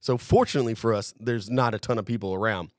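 A man's voice: lowish voice, fast, no echo, studio quality. A young man telling a long, profane story in a rambling way among friends on a casual podcast. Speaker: podcast host.

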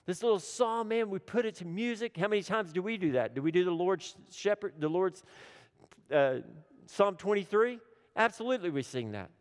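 A man preaching a sermon with dramatic swings between urgent, loud lines and hushed, low ones, repeating phrases for emphasis. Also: lively intonation, moderate pace, clean tone. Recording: long hall reverb.

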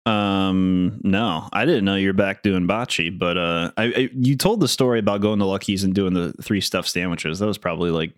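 Deep-voiced man in easygoing chat. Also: normal speed, few pauses, dry recording, studio quality. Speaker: podcast co-host. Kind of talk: casual chat.

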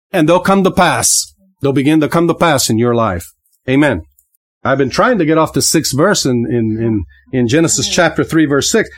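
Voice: medium pitch, lively intonation, unhurried. A preacher giving a fervent podcast sermon, rising and falling for emphasis, with praise exclamations and repeated words. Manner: repeats words, laughs briefly.

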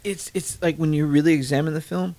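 A man's voice: fairly high pitch, steady tone, fairly quick, warm tone. A man in casual chat with friends, dismissive and rambling, swearing now and then.

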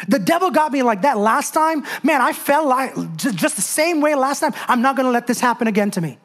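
A woman delivers a sermon in a lively, conversational style, drawing her listeners in with rhetorical questions. Her voice is a little high, and she drives her points home with emphasis, at a moderate pace with few pauses.

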